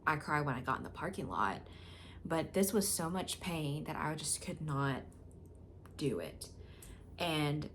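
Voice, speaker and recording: A woman vlogger speaks straight to her audience in a candid, unguarded way, with many fillers and restarts. Her voice sits on the low side. A faint background noise runs under it. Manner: candid, frank and emotional, with filler words. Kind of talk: casual personal storytelling to camera.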